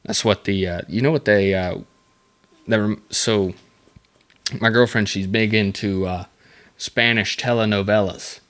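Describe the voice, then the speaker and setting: A man with a slightly low voice hosts a casual solo podcast. He reads facts from a script, then wanders into loose, joking tangents. He stumbles and circles back often along the way. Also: steady tone, a bit bright. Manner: reads facts aloud, then breaks off into rambling jokey asides; halting, with many fillers and restarts. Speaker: podcast host.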